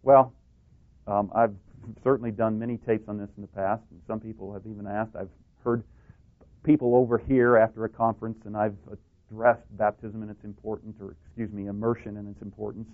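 A man's voice: fairly low pitch, level tone, fairly quick. A man preaching a sermon, emphatic and building his points to stressed pleas, with scripture references. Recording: tinny phone-like tape recording.

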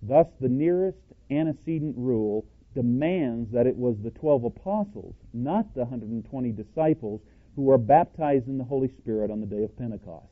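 A man's voice: medium pitch, expressive, normal speed. A plain-spoken man teaching a scripture-based sermon, emphatic and quizzing his listeners with rhetorical questions. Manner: self-described cowboy, plain-spoken. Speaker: Bible teacher. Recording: tinny phone-like audio.

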